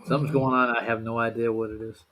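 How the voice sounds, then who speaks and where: Host type, male, easygoing chat, quick to laugh. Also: mid-range voice, flat delivery, fairly bright tone. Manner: jokey, laughs often. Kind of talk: casual chat.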